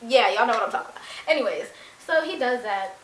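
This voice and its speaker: Animated young woman telling a story. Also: a little high, fast, slight background noise. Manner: animated, addresses viewers as y'all, acts out quotes. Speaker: vlogger. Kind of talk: casual storytime. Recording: echoey room.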